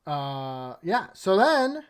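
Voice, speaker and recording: A man's voice: fairly high pitch, big pitch swings, drawn-out words, smooth. Rambling man recapping episodes. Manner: rambling, filler-heavy, lots of "like" and "uh". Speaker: anime recap vlogger. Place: in front of a green screen.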